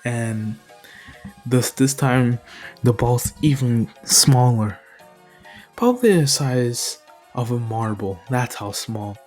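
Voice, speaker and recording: A man's voice: medium pitch, animated, takes it slowly, pauses often, darkish tone, faint music behind. A man casually retelling a fan story, rambling with frequent restarts and sighs.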